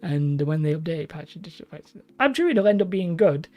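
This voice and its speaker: A woman chats her way through a live stream in a low, warm voice. She rambles and is self-deprecating as she answers viewers. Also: lively intonation, brisk, soft background music. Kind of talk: casual live-stream chat reading comments.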